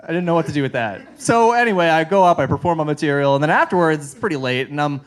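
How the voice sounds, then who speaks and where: A man performs a stand-up set with a high, light voice. He rambles through self-deprecating stories full of fillers and keeps laughing at his own punchlines. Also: expressive, quick pace. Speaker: stand-up comic. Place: comedy show stage.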